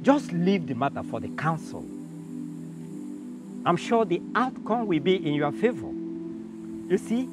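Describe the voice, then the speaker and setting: A Nigerian village elder, with a fairly high, lively voice, calmly soothing someone. Loud music plays under him. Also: male voice, exaggerated voice. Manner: soothing, reassuring. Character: calming village elder man, reassuring. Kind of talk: film drama acting.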